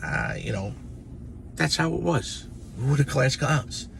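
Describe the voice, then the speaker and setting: A man in his sixties casually telling childhood stories to camera in an animated, profane, rambling way. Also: a little high, unhurried, vocal fry, background noise. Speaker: storyteller.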